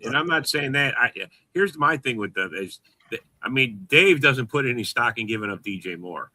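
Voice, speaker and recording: A man co-hosting a sports talk show, halting in speech and trying to keep the others calm. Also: medium pitch, no room sound. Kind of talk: casual sports debate.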